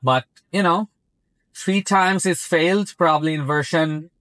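At a measured pace, a man with a slightly high, fairly bright voice chats casually inside a moving car, with no room sound. A second-language English speaker, he talks about the car's self-driving and keeps reaching for "very" and "like."

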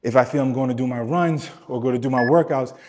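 A man's voice: mid-range voice, quick pace, darkish tone, slight background noise. Emphatic man coaching on wellness. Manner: emphatic, repeats key points, talks straight to the listener. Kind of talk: podcast teaching talk.

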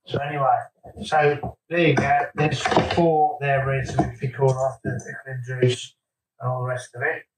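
A man's voice: medium pitch, level tone, normal speed, background noise. A man vlogging from his garden, chatting casually and thinking aloud with fillers and restarts. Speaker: allotment vlogger. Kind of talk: casual chat to camera.

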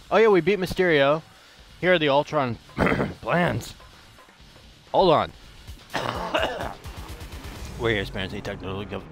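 A man's voice: medium pitch, a bit bright. A young man hosting a casual let's-play, cracking jokes to himself and swearing as he plays. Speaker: gaming channel host.

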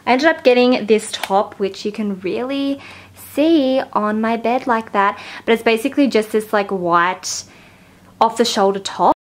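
A young Australian woman in her twenties vlogging casually about her day, chatty and excitable with lots of filler words. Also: on the high side, a little slow. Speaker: beauty vlogger. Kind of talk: casual vlog chat. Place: in a car, then indoors at home.

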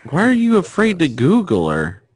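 A man's voice: high-pitched, huge pitch swings, normal speed, a little mellow, husky, no room sound. Sarcastic male podcast co-host. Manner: dry, sarcastic. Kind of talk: casual podcast chat. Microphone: online call.

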